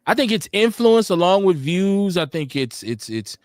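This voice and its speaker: A man hosting a casual live-stream talk show, animated and mimicking other voices as he tells stories. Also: high-pitched, moderate pace, no room sound, studio quality. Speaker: podcast host.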